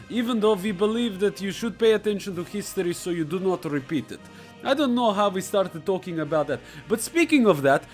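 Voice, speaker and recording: High-pitched guy w/ a russian accent, ranting sarcastic in broken english, faint music behind. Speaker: reaction video host. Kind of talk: comedic character rant.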